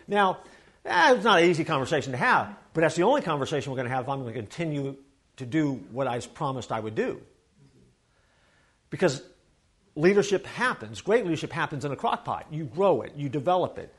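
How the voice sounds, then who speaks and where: This is a loose, lively sermon from a pastor whose voice sits fairly high. He peppers it with rapid asides and brief quotes he acts out, moving from loud outbursts into quiet, slower passages.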